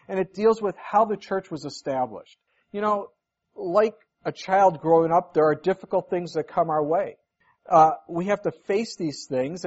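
Folksy pastor preaching, dull lo-fi sound. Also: male voice, a little high, a little mellow, husky. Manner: folksy, anecdotal, acts out quoted voices. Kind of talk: conversational sermon. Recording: dull lo-fi recording.

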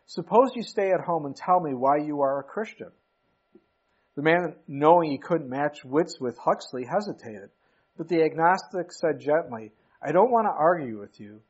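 A man's voice: on the high side, a little mellow, breathy edge, lo-fi sound. A man preaching a sermon as pastor of his church, in a conversational way with folksy asides.

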